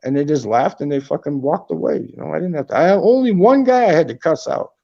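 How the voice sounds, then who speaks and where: Chatting casually on a livestream from his apartment, a man tells meandering, profanity-laced stories. He talks fast in a warm, high-leaning voice with animated intonation and some vocal fry, though the audio comes across dull.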